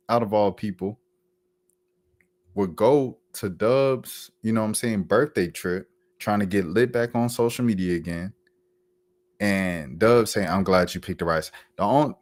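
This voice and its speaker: Man, deep low voice, commentary host, animated repetitive talk, dry close sound. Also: dry recording. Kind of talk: casual commentary monologue.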